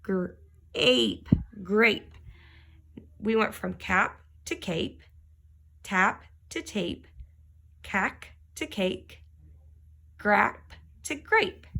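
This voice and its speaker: A woman teacher giving a phonics lesson to young children, sounding out letters and words slowly and carefully. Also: medium pitch, a bit bright.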